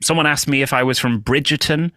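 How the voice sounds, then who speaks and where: A British man from the UK, a guest comedian telling animated stories in a casual podcast chat and acting out other people's voices. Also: mid-range voice, fast talker, no echo. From United Kingdom. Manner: animated storyteller who acts out quoted voices.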